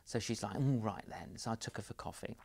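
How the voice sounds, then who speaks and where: A middle-aged Londoner appears as an evangelist guest in an interview, telling anecdotes as an animated storyteller who acts out both sides of each conversation. His voice is on the low side with vocal fry, and he talks fairly quickly.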